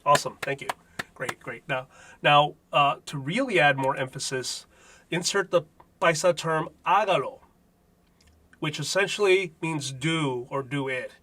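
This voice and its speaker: A man's voice: fairly high pitch, a little slow, bright, forceful tone, slight background noise. A man, a native Spanish speaker, hosting a comedic language lesson with wry, jokey asides. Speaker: host.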